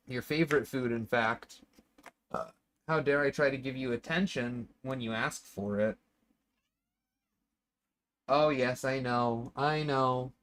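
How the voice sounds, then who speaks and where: A young man streams from home into a desk microphone, his voice sitting at an everyday middle pitch. He rambles bluntly, swears often and talks straight to his chat. He chats casually while he builds. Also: slow pace, long pauses, a bit bright. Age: young adult.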